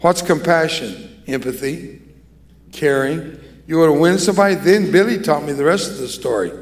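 An older man preaching a sermon as an evangelist. His voice sits a little high for a man. He preaches emphatically and draws the congregation into call-and-response.

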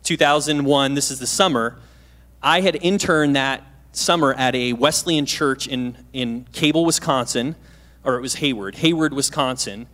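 Chatty pastor telling a story at church. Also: male voice, mid-range voice, normal speed, a bit bright. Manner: chatty, self-deprecating, asks the audience questions. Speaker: guest pastor. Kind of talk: sermon storytelling with humor. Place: church stage.

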